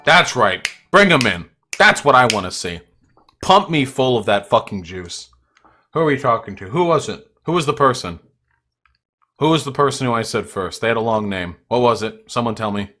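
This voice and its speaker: A young man rants at his livestream viewers in a combative, mocking tone, full of swearing. His voice sits at an ordinary middle pitch for a man. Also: lively intonation, normal speed, sharp tone. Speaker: livestream host. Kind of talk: ranting livestream chat with viewers.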